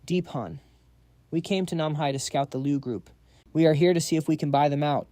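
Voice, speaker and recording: A man's voice: a little high, brisk, warm tone, no room sound, natural voice. A man voicing a young rich daughter who is cute, pushy and teasing. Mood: pleading. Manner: pleading and teasing.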